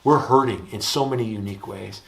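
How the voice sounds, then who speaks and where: A man in his thirties with an Upper Midwest American accent, preaching a campus ministry sermon in a relaxed storytelling way. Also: lowish voice, fairly quick, gravelly. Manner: relaxed storytelling, lively when telling anecdotes.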